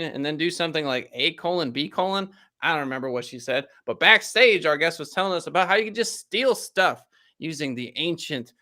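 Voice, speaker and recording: A man's voice: fairly high pitch, sharp tone. A man hosting a podcast, introducing his guest in a showman style with a nasal voice. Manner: showman hype, big swoops. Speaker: podcast host. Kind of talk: energetic show introduction.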